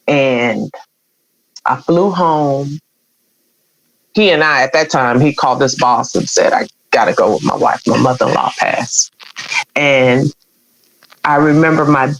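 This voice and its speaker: A woman guest on an interview show, telling a personal story in a candid, conversational way. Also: very deep voice. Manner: candid, conversational, with many quoted exchanges. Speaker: radio program director, podcast guest. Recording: dull, dry sound.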